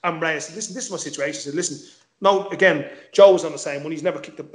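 Fast-talking sweary man, echoey room. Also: a little high. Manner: swears freely, tells stories with quoted dialogue. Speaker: former footballer guest. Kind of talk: casual anecdote-telling.

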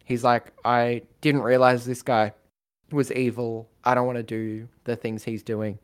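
A man in casual chat, rambling through a story idea with lots of fillers and quick acted-out lines. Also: mid-range voice, level tone, clean tone.

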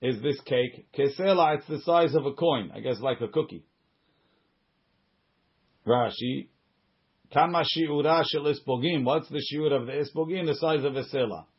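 A man's voice: medium pitch, normal speed, pauses often, breathy edge, dull audio. A man teaching a Talmud class, reading the Hebrew and Aramaic text and explaining it in English with frequent restarts and side remarks.

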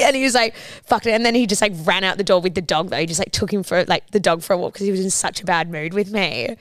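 Animated woman telling stories. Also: mid-range voice, rapid-fire, clean tone. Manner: animated storyteller, acts out quoted lines, swears freely. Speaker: podcast co-host. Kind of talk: casual chat.

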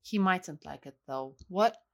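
A man's voice: sits high, animated, a little slow, vocal fry, a bit bright, exaggerated voice. A woman reader voicing a jovial, boisterous man who keeps exclaiming and sneezing. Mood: chatty.

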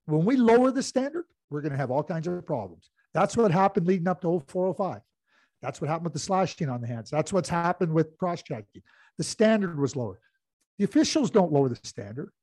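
A man's voice: on the high side, big pitch swings, fairly quick, a little mellow. Rambling middle-aged male hockey analyst. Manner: rambling storyteller with many "you know" fillers. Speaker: hockey analyst and former team executive. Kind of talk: anecdotal sports talk.

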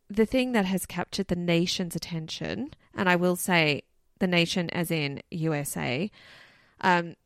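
Over clean, echo-free studio audio, a podcast co-host with a lowish, vocal-fried voice recounts a case. She keeps it casual and rambling, full of "you know" and "like" asides, as if just chatting through a story.

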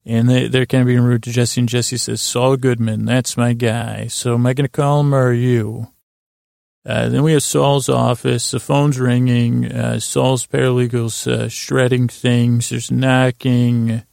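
A podcast host with a mid-range male voice and some vocal fry recaps a TV episode in an unhurried, rambling way, quoting the characters in a flat voice. The recording is dry and clean, studio quality.

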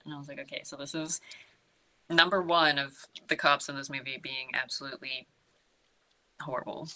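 Low-voiced young woman, giggly movie chat. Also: flat delivery, moderate pace, pauses often, bright, forceful tone, a little hiss or hum. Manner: chatty, giggly, acts out quotes. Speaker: podcast co-host. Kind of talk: casual movie recap chat.

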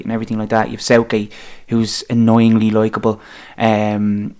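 A man's voice: on the low side, completely flat delivery, moderate pace, few pauses, a little mellow. An Irish man in casual chat about football, wry and rambling, with plenty of fillers. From Ireland.

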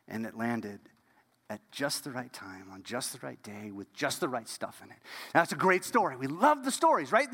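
A man preaching a storytelling sermon as pastor, animated and dropping to a hush at key moments. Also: medium pitch, moderate pace, gravelly, slightly rough, in a large hall.

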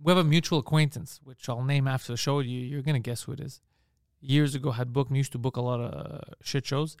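Fast-talking animated storyteller man. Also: medium pitch, no echo, studio quality. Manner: animated storyteller, acts out others' lines, swears freely. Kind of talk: casual chat.

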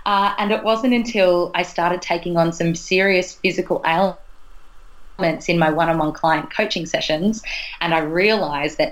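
Chatty woman with a low voice. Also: a little slow, rough recording. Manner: earnest, chatty, laughs between thoughts. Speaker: guest. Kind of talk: casual storytelling in a podcast interview.

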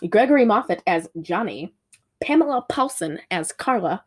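A woman's voice: mid-range voice, lively intonation, measured pace, slightly rough. A woman co-hosting a casual movie review chat, rambling and giggly with lots of fillers. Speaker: podcast co-host.

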